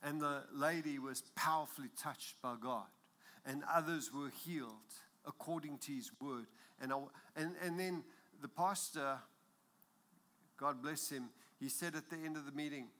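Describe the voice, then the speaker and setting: A man preaching a sermon in a church, emphatic and building to loud exclamations. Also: a little high, measured pace.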